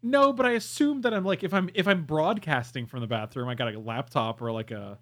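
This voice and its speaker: A man co-hosting a podcast in casual chat, animated and emphatic. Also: a little high, a little fast. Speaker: podcast co-host.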